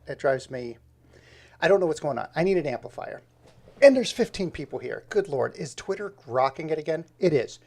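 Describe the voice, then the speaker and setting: A man's voice: fairly high pitch, creaky, a little mellow. A man live-streaming while he edits video, talking to himself as he works and greeting viewers by name in a casual, chatty way.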